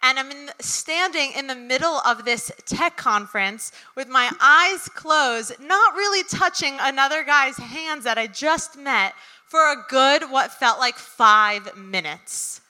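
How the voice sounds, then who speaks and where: A young woman tells a story to a live crowd in a loose, chatty way, scattering ums and likes. Her voice is strikingly bright and a bit high. The sound carries a long hall reverb. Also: animated, slow pace. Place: event venue with audience.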